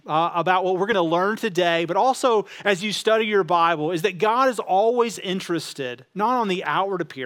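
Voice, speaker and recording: A man preaching a sermon as pastor, telling stories in a relaxed way with many fillers. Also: sits high. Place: church auditorium.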